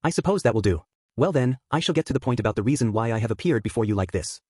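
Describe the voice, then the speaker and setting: A male narrator voicing a woman cult leader who smothers everyone in sugary apologies and politeness. Her voice is husky and brisk, recorded dry and close. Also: medium pitch, animated, warm tone, no echo. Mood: sweet. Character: falsely polite female cult leader, unsettling.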